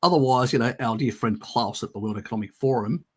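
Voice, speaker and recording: A man's voice: mid-range voice, fast talker, breathy edge. A man hosting a casual live stream, answering viewer questions in a sarcastic, mocking way and often laughing.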